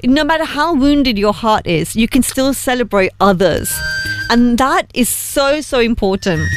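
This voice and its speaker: A woman vlogger speaking earnestly and gently in a reflective personal talk, slowing down on key phrases. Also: fairly high pitch.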